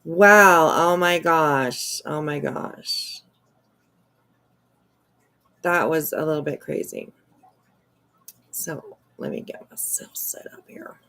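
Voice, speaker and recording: Slow, gravelly-voiced woman streamer. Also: sits low, a bit bright. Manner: chatty and sarcastic, drawn-out exclamations, swears casually. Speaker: live streamer. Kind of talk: live-stream drama commentary.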